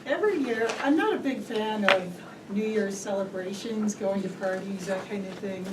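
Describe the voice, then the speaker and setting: A woman's voice: medium pitch, normal speed. Woman, club speech, self-mocking, friendly, distant mic, noisy room. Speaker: club speaker. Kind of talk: prepared persuasive speech. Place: meeting room. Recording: echoey room, distant mic, background noise.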